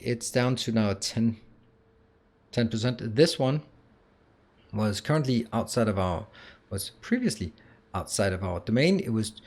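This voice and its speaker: A man's voice: medium pitch, a little mellow. A man giving casual gameplay commentary, thinking aloud with fillers and restarts as he walks through changes. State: has the hiccups. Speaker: gaming YouTuber.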